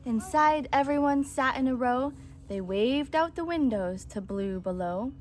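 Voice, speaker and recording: Woman, mom, picture-book read-aloud, gentle, rhythmic, high voice. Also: expressive, a little slow. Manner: gentle, rhythmic rhyming reading.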